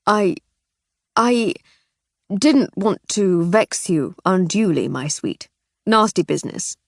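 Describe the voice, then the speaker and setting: Woman doing a nervous henpecked man, stammers, husky, dry sound. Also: medium pitch, animated, slow pace, dry recording. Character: nervous henpecked middle-aged husband.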